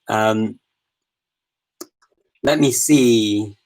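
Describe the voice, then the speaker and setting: A man's voice: medium pitch, steady tone, moderate pace, a little hiss or hum, rough recording. A man from the United Kingdom hosting a live Q&A, answering viewer questions in a thoughtful, upbeat, casual way. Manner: thoughtful and upbeat, calls himself a positive person. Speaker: host of a live Q&A.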